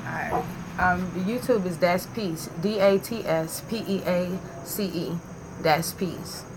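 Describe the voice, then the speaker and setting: A woman vlogging in a casual, animated and profane way, joking as she compares tea bags to camera. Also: lowish voice, a little slow, noisy background. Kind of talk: casual chat.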